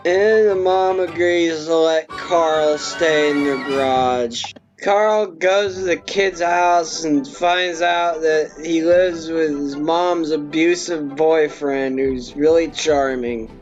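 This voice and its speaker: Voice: medium pitch, darkish tone. A drunk film reviewer rambling through a profane comic plot recap. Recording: dull lo-fi with faint music.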